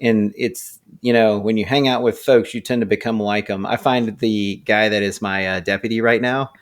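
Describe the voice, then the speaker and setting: A man's voice: lowish voice, fairly even intonation, normal speed. A man co-hosting a casual faith podcast, talking thoughtfully and feeling around for the right word. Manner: thoughtful, searches for words. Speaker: podcast co-host.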